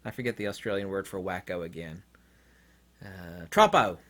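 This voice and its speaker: A man's voice: deep voice, quick pace. A man hosting his own channel, delivering a rambling, opinionated monologue to his viewers with many fillers and asides. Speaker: channel host.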